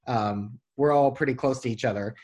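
A man's voice: medium pitch, moderate pace, darkish tone. Male podcast host, eager and hesitant, everyday mid-range voice. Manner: enthusiastic, hesitant with many ums. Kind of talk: casual podcast conversation.

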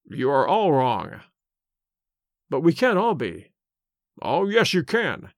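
A man reading the part of a calm, incisive detective, measured and quietly assured, slowing down on key points. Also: fairly high pitch, dry recording, studio quality, full character voice. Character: calm, incisive male detective, middle-aged. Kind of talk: audiobook character reading.

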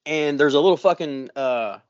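A man recounting a story in a loose, profane way, his voice set a bit high and recorded dry and muffled. He jumps into other people's lines as he tells it. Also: normal speed, dry recording. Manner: profane, animated storyteller acting out quotes. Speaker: podcast co-host. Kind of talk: casual storytelling chat.

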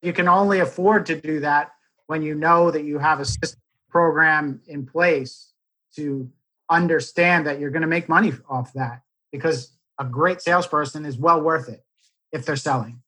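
Measured man with a husky voice. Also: a little high, fairly even intonation, sharp tone, poor audio. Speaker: podcast host. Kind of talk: podcast conversation.

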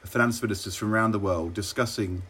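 A middle-aged man from England, a former minister, telling wry, measured stories in an interview. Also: on the low side, fairly even intonation, fairly bright tone, breathy edge. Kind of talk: relaxed interview anecdotes.

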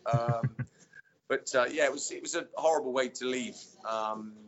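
A man, a former footballer, telling stories in a relaxed interview chat with many fillers. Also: medium pitch, moderate pace, faint music behind. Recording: dull lo-fi sound.

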